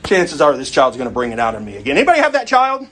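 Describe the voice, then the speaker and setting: A man's voice: mid-range voice, huge pitch swings, very fast, a bit bright. A middle-aged man teaching an adult Sunday school class in a conversational way, often putting questions to the group.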